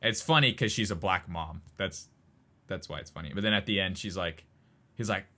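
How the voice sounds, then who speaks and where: Low-voiced, bright, rambling podcast guy. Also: brisk. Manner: rambling, laughs often, many fillers. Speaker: podcast co-host. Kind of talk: casual podcast chat.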